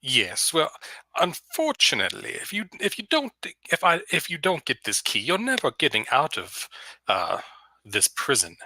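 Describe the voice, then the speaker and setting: A man's voice: a little high, huge pitch swings, moderate pace, sharp tone, dry recording, exaggerated voice. A man voicing a genteel Southern-accented vampire who is smiley, drawling and barely hiding his hunger. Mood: mock-genteel. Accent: American Southern. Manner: overly smiley, drawling, mock-polite.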